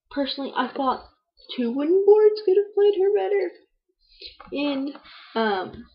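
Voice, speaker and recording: Young female vlogger, rambling casual chat, muffled low-fi webcam mic, medium voice. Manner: chatty, rambling, full of "um" and "like". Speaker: book vlogger. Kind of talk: casual book review chat. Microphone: webcam microphone. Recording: dull lo-fi webcam audio.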